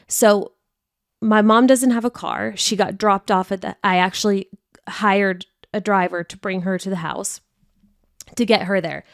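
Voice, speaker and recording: A woman's voice: mid-range voice, steady tone, a little slow, clear, resonant tone, no echo, studio quality. A young woman hosting a podcast, talking frankly and emotionally about hard personal events and acting out her own past outbursts. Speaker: podcast host. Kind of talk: candid confessional podcast monologue.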